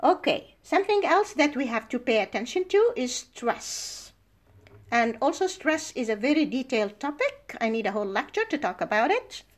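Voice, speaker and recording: A middle-aged woman whose first language is Arabic, giving a university lecture and explaining language points through slow worked examples. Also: high-pitched, big pitch swings. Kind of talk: recorded lecture.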